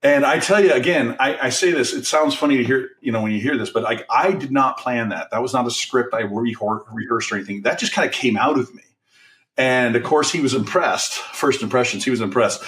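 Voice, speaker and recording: A middle-aged man recounts his start in sales with candid energy, talking through plenty of fillers and restarts. His voice sits at an ordinary pitch for a man. He is set a little back from the microphone. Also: a little fast, a bit bright, distant mic. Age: 40s. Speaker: guest, car sales trainer. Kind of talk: storytelling in a podcast interview.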